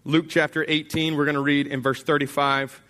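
A man's voice: fairly high pitch, flat delivery, moderate pace, pushed and bright. Emphatic man preaching a casual sermon. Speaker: pastor.

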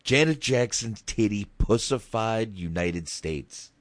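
Low-voiced, unhurried man swearing casually. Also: lively intonation, dry recording. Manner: profane, laughs often, rambling restarts. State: sore throat after shouting. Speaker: podcast co-host. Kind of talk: casual movie review chat.

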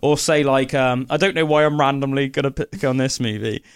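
A man talks at a quick clip, in an easy podcast-chat manner. He rambles and piles up fillers as he goes. His pitch sits right in the middle. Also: clear, resonant tone. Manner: rambling, animated, filler-heavy with lots of "like". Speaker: podcast co-host. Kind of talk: casual chat.

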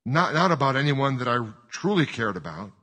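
A man's voice: medium pitch, very animated, brisk, voice pushed up. A man playing a desperate father who stammers and pleads for his children. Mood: stammering. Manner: stammering, pleading, rising to shouts. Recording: long hall reverb.

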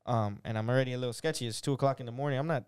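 A man's voice: mid-range voice, racing, darkish tone, smooth, dry recording, clean studio sound. A young man in his twenties, a podcast guest, rambling through stories with many restarts and quoted back-and-forth. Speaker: podcast guest, aspiring police officer. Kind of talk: casual podcast chat.

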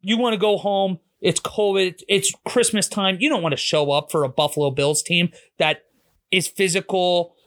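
A man's voice: high-pitched, fairly even intonation, normal speed, a bit bright. A man from Pittsburgh with a Pittsburgh accent, a podcast host giving blunt, opinionated football picks and swearing freely. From Pittsburgh, USA. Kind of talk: casual sports betting commentary.

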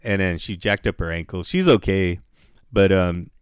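Laid-back, foul-mouthed low-voiced man. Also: normal speed, clean tone, dry recording, clean studio sound. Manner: laid-back, profane, rambling. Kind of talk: casual chat storytelling. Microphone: headphones and studio mic.

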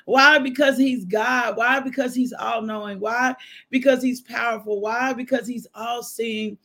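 High-voiced exuberant woman preaching. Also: fairly even intonation, measured pace. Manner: exuberant, shouts and whoops, call-and-response. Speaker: devotional podcast host. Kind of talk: preached devotional.

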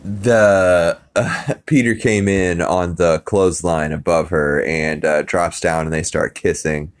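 A man's voice: low voice, fairly even intonation, slow. A man hosting a podcast, casually recapping a cartoon episode in a rambling way with many fillers. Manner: rambling, many ums and uhs, acts out quotes. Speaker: podcast host.

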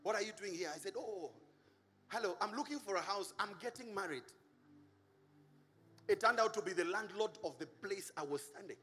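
A middle-aged man from Kenya, a pastor preaching a sermon, animated, with singsong shouts and laughing asides to the congregation. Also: high voice, normal speed, pauses often, in a large hall, a little hiss or hum.

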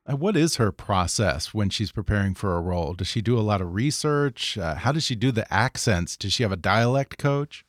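A man hosting an interview, asking measured, inquisitive questions. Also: lowish voice, animated, no echo, clean studio sound. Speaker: interview host.

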